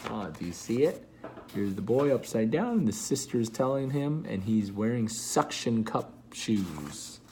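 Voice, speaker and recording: A man reading a children's book aloud, pausing to explain the pictures to a child listening. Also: lowish voice, sing-song, dark tone, a little hiss or hum. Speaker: storybook reader.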